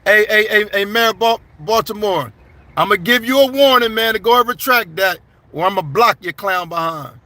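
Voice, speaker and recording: A man's voice: high-pitched, expressive, normal speed, pushed and bright. A man doing casual live-stream commentary, reading viewer comments aloud and answering them bluntly. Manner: blunt, conversational, addresses viewers as y'all and man. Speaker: livestream commentator.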